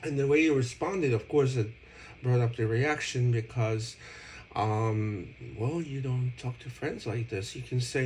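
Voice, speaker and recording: A man's voice: mid-range voice, a little slow, a little mellow, a little hiss or hum, low-quality recording. A man speaking casually to an old friend, explaining himself at length with many fillers and restarts.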